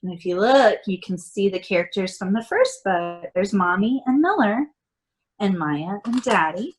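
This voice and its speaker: A woman reading a picture book aloud to children, chatty and animated, often laughing. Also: mid-range voice, moderate pace, rough recording. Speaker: storybook reader.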